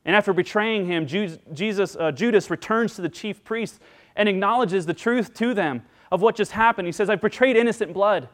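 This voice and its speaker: Speaking at a moderate pace, a pastor delivers an earnest sermon to his congregation, raising his pitch and volume as he voices the figures he quotes.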